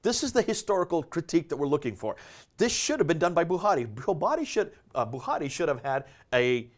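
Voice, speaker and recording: Man, host, lively swinging pitch, questioning, reads passages aloud. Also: fast. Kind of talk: discussion show reading from a text.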